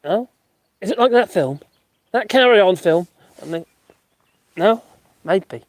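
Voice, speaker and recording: A man's voice: high voice, lively intonation, normal speed, long pauses, dry recording. A middle-aged man, hosting a casual live stream, chatting, laughing often and making mocking asides as he reads out comments. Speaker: live-stream host reading chat. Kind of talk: casual chat.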